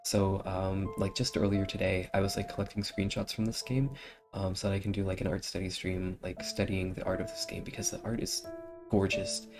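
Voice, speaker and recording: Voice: deep voice, little pitch movement, a little fast, music in the background. A young adult streamer chatting casually and filling speech with lots of filler words, still coughing after a cold.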